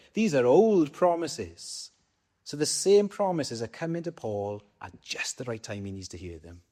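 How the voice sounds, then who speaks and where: A man's voice: medium pitch, dark tone. A man with a Welsh accent preaching a sermon in a conversational way, putting questions to the congregation and answering them himself.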